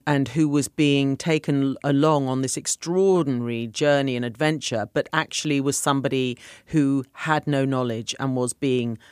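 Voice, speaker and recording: A woman's voice: extremely low pitch, fairly even intonation, moderate pace, few pauses, a little mellow, smooth, dry recording, clean studio sound. An actress being interviewed, chatty and given to laughing as she talks. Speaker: actress guest. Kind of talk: interview answers.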